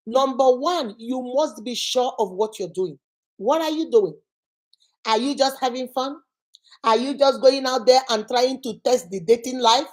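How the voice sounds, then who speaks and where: A woman host giving relationship advice straight to the viewer, firing off rhetorical questions and calling her "my sister". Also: sits high. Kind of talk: direct-address advice talk.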